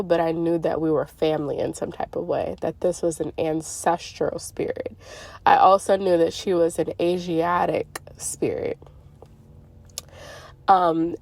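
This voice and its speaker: Woman, congested, low voice, rambling with lots of fillers, dry close sound. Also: darkish tone, no room sound. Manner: rambling, filler-heavy, stretches words slowly. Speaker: spiritual YouTuber. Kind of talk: casual monologue. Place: Arizona.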